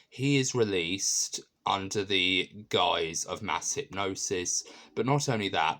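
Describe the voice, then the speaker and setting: A man's voice: low voice, a bit bright. A man casually reviewing a TV episode, enthusiastic and rambling, with many ums and restarts.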